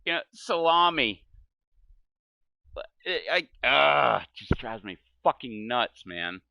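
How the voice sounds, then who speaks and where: A man's voice: mid-range voice, sing-song, slow pace, gravelly, no room sound, highs cut off. A man ranting casually and profanely while gaming, exasperated and swearing constantly. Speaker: gaming streamer.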